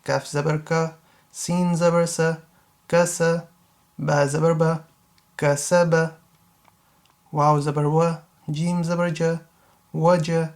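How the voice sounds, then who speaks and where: A man teaching beginner Quran reading. He spells out Arabic letters, recites each word slowly and carefully, and checks in with the learner. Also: fairly high pitch, flat delivery, a little mellow. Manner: checks in with the learner with a frequent "yeah?". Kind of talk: slow tutorial recitation lesson.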